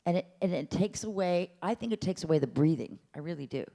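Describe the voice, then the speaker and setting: A woman coaches a room through a vocal workshop, her voice swooping freely from low to high as she shows each sound. She talks in a chatty, playful way and breaks into meows and hums to demonstrate. Her speaking voice sits a little low. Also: animated, quick pace, dark tone. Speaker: voice teacher. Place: lecture room at a symposium.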